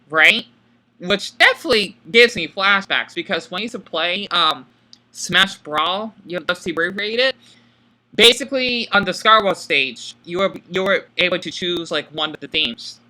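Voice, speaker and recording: Bright-voiced hesitant man, monotone delivery. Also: high-pitched. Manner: self-described monotone, hesitant with many fillers. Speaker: video creator. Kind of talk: casual commentary on a film.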